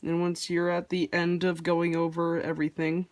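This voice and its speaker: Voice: medium pitch, monotone, moderate pace, no echo. A person hosting a casual drawing tutorial, talking in a rambling, offhand and self-deprecating way while sketching. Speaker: art tutorial host.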